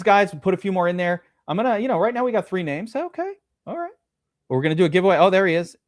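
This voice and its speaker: A man's voice: sits high, no room sound, studio quality. A man hosting a live fantasy football draft stream, chatting loosely with viewers, reading out their names and swearing casually. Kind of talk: casual livestream chat.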